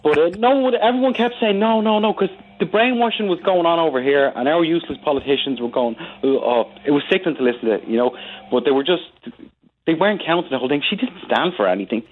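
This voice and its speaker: Fast-talking caller on a phone line. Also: male voice, a little high, expressive, a little hiss or hum. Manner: rambling and eager, full of "you know". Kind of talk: phone call to a radio show.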